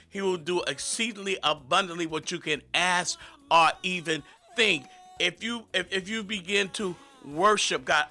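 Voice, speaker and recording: Male American preacher, fervent sermon delivery, very bright voice, faint music bed. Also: fairly high pitch. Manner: emphatic, rising into fervent declarations. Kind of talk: radio sermon.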